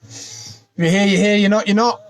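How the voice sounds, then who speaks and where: A man's voice: high voice, steady tone, normal speed. A man hosting a casual pub quiz livestream from inside his van, talking into his phone and greeting viewers by name. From United Kingdom. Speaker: quiz host.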